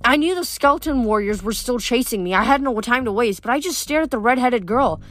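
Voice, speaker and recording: An audiobook reader narrates a novel in first person, her fairly high voice lively, brisk and a bit bright. She often trips over words and corrects herself.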